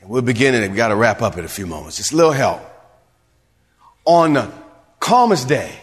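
A man's voice: mid-range voice, very animated, fairly quick, pauses often. Preaching man in a reverberant church. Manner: preaching with rising emphasis, calls to the congregation. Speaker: pastor. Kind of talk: sermon. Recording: long reverb of a large hall.

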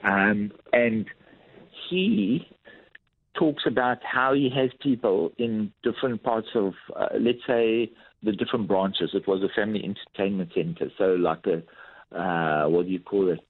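A man's voice: lowish voice, unhurried, slightly rough, no echo. Man telling stories over a tinny line. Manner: animated anecdotal storytelling with acted-out quotes. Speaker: lifestyle coach guest. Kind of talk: storytelling in a podcast interview.

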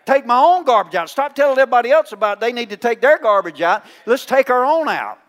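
A male pastor preaching a folksy, teasing sermon, swinging between loud calls and hushed asides. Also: extremely high pitch, animated, fast talker, long reverb tail.

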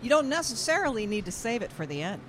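A woman's voice: a little high, very animated, fast talker, slight background noise. A woman co-hosting a casual podcast in a grocery store, chatty and interjecting.

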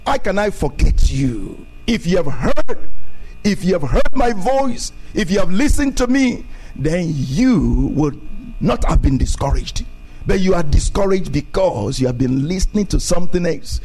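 A man's voice: high voice, sing-song, moderate pace, a little mellow, slightly rough, soft background music, low-quality recording. A man preaching a sermon as pastor, repeating phrases and building to emphatic declarations.

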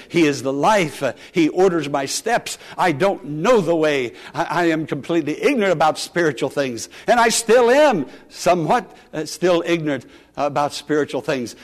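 A man pastor preaching a sermon, calling out with rising emotion and dropping to soft, quiet asides. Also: fairly high pitch.

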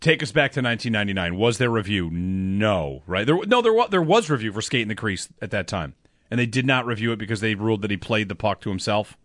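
A man hosting sports talk radio, animated and emphatic, often pushing his voice up into loud bursts. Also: on the low side, fast talker, no room sound, clean studio sound.

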